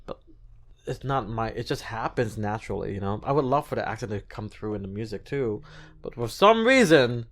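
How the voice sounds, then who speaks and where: A man with a slightly low voice and a light non-native accent talks as an interview guest. He is earnest and expressive, and he often stumbles and restarts his phrases. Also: fairly quick. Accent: light non-native accent in his English. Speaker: guest, recording artist and actor. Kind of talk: casual interview chat.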